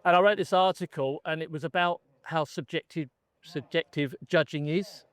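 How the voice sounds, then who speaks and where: A man's voice: fairly high pitch, normal speed, fairly bright tone, no room sound. A middle-aged man, a gun dog trainer from England, chatting casually as a podcast guest and telling his story with many restarts.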